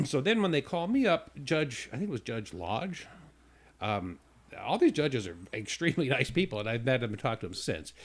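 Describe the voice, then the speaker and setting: This male radio host, pitched in the middle and speaking at a normal pace with a sing-song lilt, rambles casually through a long personal story. He often stumbles and starts over, briefly voicing the other people in it.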